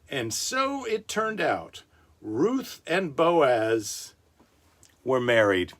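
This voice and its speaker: A man's voice: mid-range voice, sing-song, very slow, fairly bright tone. A man hosting a casual comic monologue, retelling a story with rambling wisecracking asides. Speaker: comedian host.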